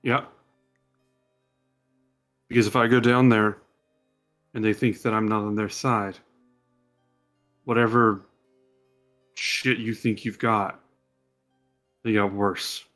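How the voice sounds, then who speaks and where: A man's voice: fairly low pitch, level tone, slow, long pauses, fairly bright tone, soft background music. A man voicing a hardened woman prisoner in a tabletop game, talking bluntly and swearing. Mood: defiant. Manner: blunt, profane and defiant.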